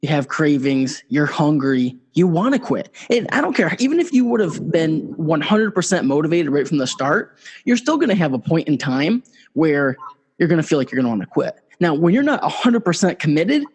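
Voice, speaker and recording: A male podcast host talks in relaxed, encouraging chat. His slightly high voice has a husky edge, and a long reverb trails behind his words. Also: brisk. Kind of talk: casual chat.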